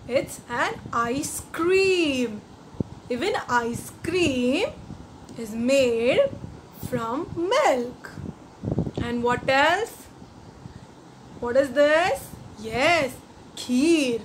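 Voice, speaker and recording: Slow sing-song Indian English teacher. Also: female voice, high voice, animated, background noise. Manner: slow, sing-song, coaxing questions to children. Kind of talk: children's rhyme lesson.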